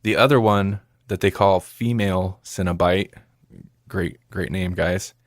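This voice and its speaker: A man's voice: low voice, steady tone, measured pace, no echo, clean studio sound. A man co-hosting a movie review podcast, chatting casually and rambling, laughing often. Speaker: podcast co-host.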